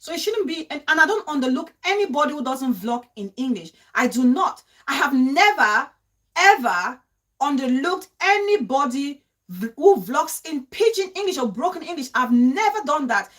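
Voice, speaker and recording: A young Cameroonian woman hosts a live-stream vlog, talking straight to her viewers. Her voice sits high and swings widely in pitch. She presses each point hard and circles back with repeated rhetorical questions. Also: big pitch swings, normal speed, fairly bright tone. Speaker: vlogger hosting a live stream.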